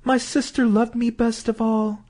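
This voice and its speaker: A man's voice: very high-pitched, level tone, measured pace, a little mellow, pitched above the performer's own voice. A man chanting as an eerie magic songbird. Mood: eerie singsong. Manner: lilting sung chant. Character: magic singing bird, a murdered boy reborn.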